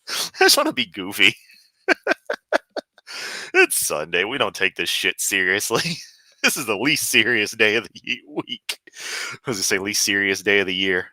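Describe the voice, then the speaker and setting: Bright, sarcastic Southern man streaming. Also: fairly low pitch, very animated, normal speed, dry recording. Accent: Southern US (Memphis). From Memphis. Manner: sarcastic, goofy, profane. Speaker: streamer host. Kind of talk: casual livestream commentary.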